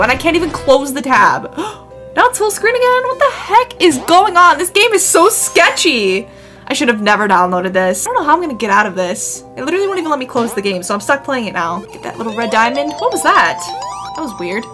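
A woman's voice: high voice, big pitch swings, normal speed. A woman commentating as she plays a horror game, jumpy and gasping, talking to the game and to viewers. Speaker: gaming youtuber. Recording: music behind voice. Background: game music.

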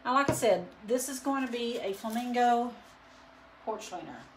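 A woman's voice: fairly high pitch, normal speed, noisy background. A woman chatting casually through a live painting demo, rambling with lots of fillers. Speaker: painting instructor and studio owner. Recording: roomy echo.

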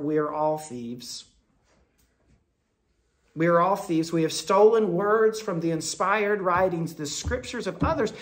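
A man voicing a grieving woman of faith as she confesses, reciting her words earnestly and at an even pace. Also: high voice.

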